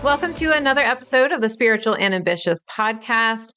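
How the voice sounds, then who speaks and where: A woman's voice: on the high side, animated, fast talker, loud music behind the voice. A woman in her thirties hosting a solo podcast, explaining things in an upbeat way. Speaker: podcast host.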